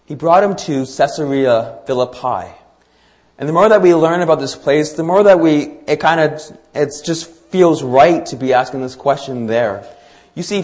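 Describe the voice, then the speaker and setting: A man's voice: fairly high pitch, a little mellow. A man preaching a sermon to his congregation, talking in a conversational way with fillers and small restarts. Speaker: pastor.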